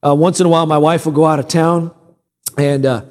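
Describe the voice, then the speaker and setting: High-pitched pastor preaching in a reverberant hall. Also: male voice, steady tone, a little fast, darkish tone. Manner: preaching with rising emphatic repetition, then easy storytelling asides. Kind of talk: sermon. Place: church sanctuary.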